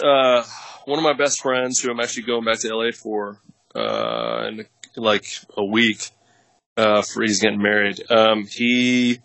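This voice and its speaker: A man's voice: lowish voice, a bit bright, dry recording, poor audio. A man in his thirties telling casual stories as a podcast guest, rambling with many fillers and frequent laughs. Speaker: podcast guest, actor and producer. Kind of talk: casual storytelling chat.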